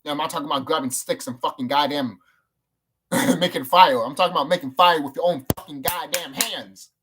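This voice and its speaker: A man rambling casually to the camera, swearing often and jumping up in pitch when he gets excited. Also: brisk, breathy edge. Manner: rambling, profane, excitable, with sudden jumps up in pitch. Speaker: video creator. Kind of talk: casual monologue.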